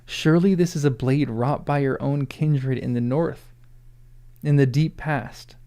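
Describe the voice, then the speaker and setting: A man reading a cold, suspicious old lord's lines aloud in his own gravelly voice, slow and measured. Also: medium pitch, mellow, natural voice. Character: stern old male lord, cold and suspicious.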